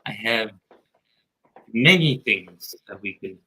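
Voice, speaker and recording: A man putting on a soothing, patronizing voice to calm down a disappointed friend. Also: lowish voice, slow pace, a little hiss or hum, full character voice, low-quality recording. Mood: placating. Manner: placating, patronizing.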